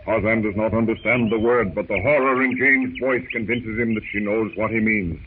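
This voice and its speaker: A man narrates a 1930s radio serial in a measured, descriptive way. His voice sits somewhat low. The transcription is tinny and carries clear hiss.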